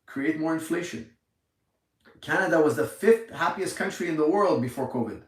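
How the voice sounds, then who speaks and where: A man's voice: a little high, expressive, normal speed, distant mic. A man in his forties giving an indignant, emphatic livestream rant from a gym, repeating his points. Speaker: gym owner. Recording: echoey room, off mic.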